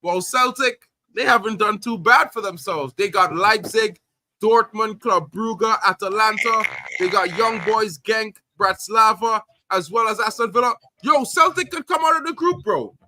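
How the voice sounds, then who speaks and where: Bright-voiced man on a casual stream. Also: high-pitched, normal speed. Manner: animated, slangy, says bro a lot. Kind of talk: casual live commentary.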